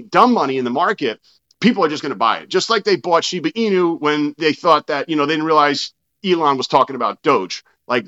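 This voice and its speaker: A man's voice: on the high side, sharp tone, highs cut off. A man speaking as a podcast guest, telling a story bluntly, swearing freely and quoting his own past arguments. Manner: blunt and profane, retelling arguments in his own quoted words. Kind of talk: casual interview storytelling.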